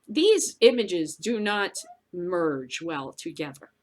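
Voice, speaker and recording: A woman's voice: very animated, slow. Blunt, profane woman ranting. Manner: blunt, profane, swings between shouting and low muttering. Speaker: podcast host. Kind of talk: ranting commentary.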